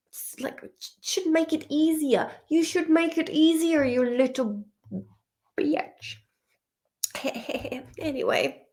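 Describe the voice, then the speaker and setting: A woman's voice: high-pitched, a bit bright. A woman teaching vocabulary in a casual, playful study-along lesson, chatting and swearing at the dictionary as she goes.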